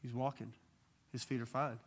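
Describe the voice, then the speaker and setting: A man leading a church Bible study, telling testimony stories in a lively way and acting out the people he quotes. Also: medium pitch, moderate pace. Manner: animated storyteller acting out quoted voices.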